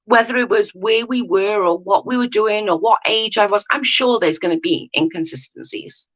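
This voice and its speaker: Lively in intonation and fairly bright, this medium-pitched woman speaks at a normal pace despite poor audio. She's a YouTube commentator reading viewer comments on a laid-back livestream, rambling, correcting herself, and frequently asking "do you know what I mean."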